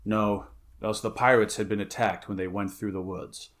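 A man's voice: fairly low pitch, fairly even intonation, normal speed, close to an everyday voice. A man voicing a weary, blunt barbarian warrior in a read-aloud story, grunting his lines. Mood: gruff.

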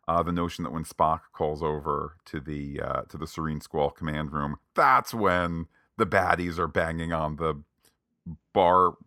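Low-voiced podcast guy, punchy bright tone, dry close sound, jokes around a lot. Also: dry recording. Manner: playful, animated, riffs with asides. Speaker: podcast co-host. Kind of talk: casual chat recapping an episode.

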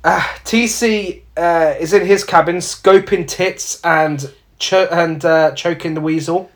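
A man's voice: a little high, slow, fairly bright tone. A man, casually recapping a film's plot with sweary, sardonic asides. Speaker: podcast co-host. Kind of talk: casual film review chat.

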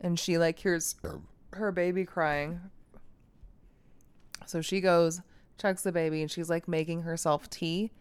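A woman casually recapping a movie plot in animated detail, swearing freely and acting out the characters' lines. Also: lowish voice, measured pace, long pauses, clean tone, no room sound. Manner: animated storytelling, frequent swearing, acts out quotes. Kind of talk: casual chat.

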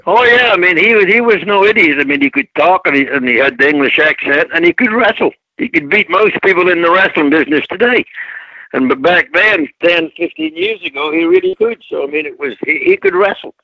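A man's voice: sits high, big pitch swings, fairly quick, vocal fry, bright, forceful tone, no echo, muffled recording. An older man from Scotland, a retired wrestler, telling rambling folksy stories in a casual interview. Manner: folksy, rambling storyteller who does voices in his anecdotes. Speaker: retired pro wrestler guest.

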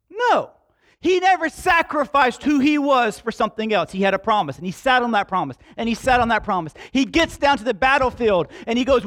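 Man, very high voice, preacher, dramatic storytelling, acts out dialogue, shouting at peaks. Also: no room sound, studio quality. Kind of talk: sermon.

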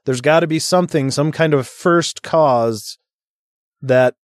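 A man's voice: fairly high pitch, a little slow, no room sound, studio quality. A man co-hosting a casual podcast chat, reading out an argument and adding sarcastic, profane asides. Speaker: podcast co-host.

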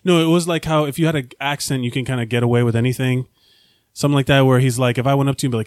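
A man's voice: mid-range voice, steady tone, rapid-fire, a little mellow, no echo, clean studio sound. A man from the United States hosting a casual podcast, rambling and swearing with many restarts. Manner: rambling, profane, lots of restarts. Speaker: host.

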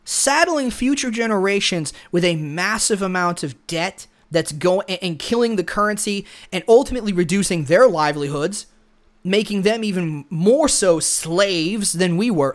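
A man's voice: high-pitched, animated, a little slow. Blunt lecturing male podcast host. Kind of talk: solo opinion monologue.

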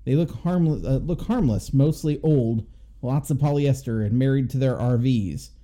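A man's voice: medium pitch, moderate pace. A man co-hosting a movie review podcast, agreeing readily and reading a plot synopsis steadily. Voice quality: very dark, mellow voice. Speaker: podcast co-host.

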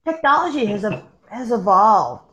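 A woman's voice: medium pitch, very animated, moderate pace, a bit bright, lo-fi sound. A woman from the Pittsburgh area chatting casually on a podcast, rambling and laughing easily. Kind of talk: casual chat.

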